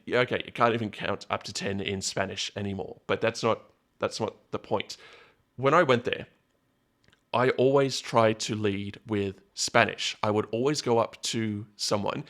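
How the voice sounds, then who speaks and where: A man's voice: fairly low pitch, fairly bright tone. A man talking to camera in a rambling, self-correcting solo commentary, drifting into anecdotes. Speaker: political commentator.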